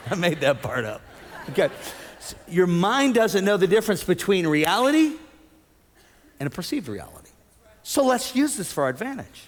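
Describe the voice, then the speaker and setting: A man preaching a sermon as pastor, animated, acting out the voices he quotes. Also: sits high, normal speed, long pauses, slight background noise. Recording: long hall reverb.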